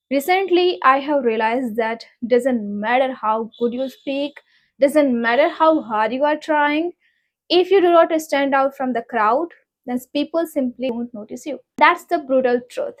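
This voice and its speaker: A young woman with an Indian accent teaching pronunciation in a casual vlog, repeating practice words slowly in a coaching tone. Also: sits high. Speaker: accent-learning vlogger.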